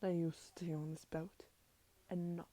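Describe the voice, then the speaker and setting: Woman voicing a firm protective pirate captain, low breathy whisper, whispered role-play. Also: level tone, a little slow, warm tone. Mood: stern.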